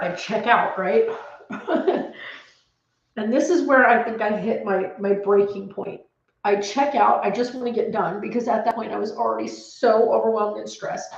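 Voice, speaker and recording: A woman's voice: a little high, moderate pace, gravelly. Woman vlogger, home office, nervous rambling storyteller near tears; roomy, slightly muffled audio. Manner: anxious, rambling retelling with many restarts. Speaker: homestead vlogger. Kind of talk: casual storytelling to camera.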